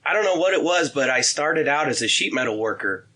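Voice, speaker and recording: A man, a union iron worker, answering interview questions in a plainspoken, halting way. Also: medium pitch, very animated, sharp tone, rough recording.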